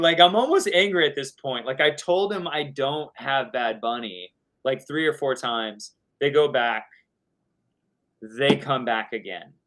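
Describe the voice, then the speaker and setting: Young adult male DJ, casual animated storyteller, mid-pitched, swears freely. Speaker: DJ guest. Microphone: video call.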